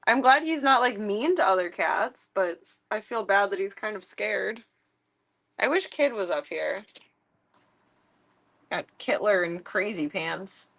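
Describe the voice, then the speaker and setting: A woman streaming from her home, chatting casually and cooing at her cats in a high voice. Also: animated, unhurried, gravelly, long pauses, fairly bright tone. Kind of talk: casual livestream chat. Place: home with pets.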